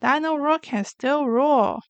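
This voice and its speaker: Woman doing a calm caring mummy pig, soft and slow, dry close voice. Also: high-pitched, dry recording, lo-fi sound. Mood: soothing.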